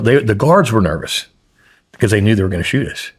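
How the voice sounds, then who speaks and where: A man's voice: on the low side, animated, fast, husky. A middle-aged man, a guest on a podcast interview, telling his story bluntly with plenty of swearing. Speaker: guest, former hostage.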